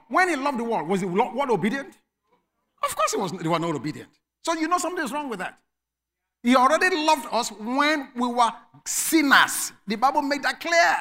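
Lively high-voiced preacher, bright and emphatic. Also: male voice. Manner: emphatic, swings from quiet asides to shouted commands. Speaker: pastor. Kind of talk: sermon.

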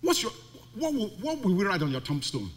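A man's voice: sits high, wildly swooping pitch, a little fast, slight background noise. A male pastor preaching a sermon, emphatic and full of rhetorical questions. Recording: long reverb of a large hall.

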